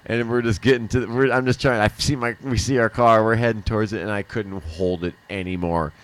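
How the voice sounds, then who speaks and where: A man's voice: on the low side, fairly even intonation, a little fast. A middle-aged man hosting a livestream, telling a rambling personal story in casual chat, often laughing and swearing. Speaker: livestream host.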